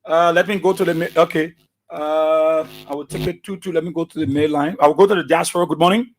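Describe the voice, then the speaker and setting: A man's voice: fairly high pitch, fairly even intonation, quick pace, slight background noise. A man with a Liberian English accent hosting a call-in radio talk show, ranting combatively at opponents before taking calls. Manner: combative, scolding rants at opponents.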